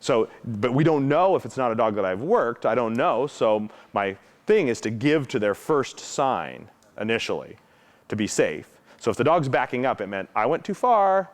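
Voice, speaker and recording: A man's voice: medium pitch, animated, moderate pace. A man explaining protection dog training to students in a casual teaching tone, often checking in with "right?" and acting out how dogs react. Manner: frequent tag question "right?"; acts out dog reactions with his own voice.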